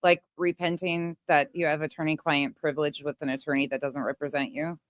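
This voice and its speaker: A woman's voice: deep voice, flat delivery, brisk, no echo. A woman commentating over a livestream, sarcastic, impatient and swearing. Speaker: commentator reacting to a stream.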